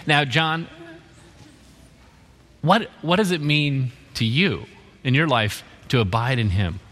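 A man interviewing members of a church community, asking gentle follow-up questions. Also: medium pitch, lively intonation, takes it slowly, in a large hall.

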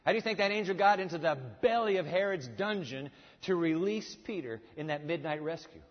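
A man preaching a sermon in a large church, lively and directing the congregation as he teaches. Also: a little high, brisk. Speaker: pastor. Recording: long reverb, dull sound.

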